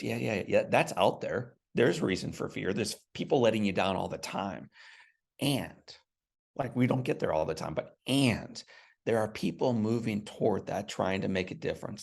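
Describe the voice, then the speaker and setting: A man's voice: low-pitched, creaky. An earnest middle-aged man telling an emphatic personal story as a guest in an interview.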